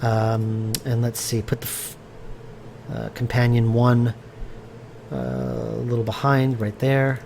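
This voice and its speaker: A man's voice: mid-range voice, little pitch movement, slow, gravelly, darkish tone, a little hiss or hum. A man casually thinking aloud as he works during a live stream, rambling with fillers and restarts, answering viewer chat. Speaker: game developer streaming his work. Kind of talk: casual live-stream commentary while working.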